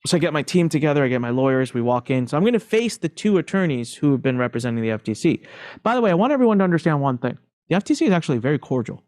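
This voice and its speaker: A man's voice: on the high side, very fast, no room sound, studio quality. Emphatic middle-aged man telling his story. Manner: emphatic, animated, repeats phrases for emphasis. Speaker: podcast guest, entrepreneur. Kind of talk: candid conversational storytelling.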